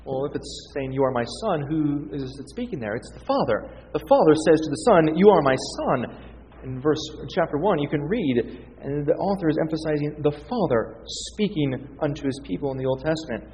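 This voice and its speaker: A man's voice: a little high, animated, brisk, dark tone, a little hiss or hum. A man preaching a teaching sermon, reading scripture aloud with emphasis. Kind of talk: expository sermon. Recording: dull, reverberant hall sound.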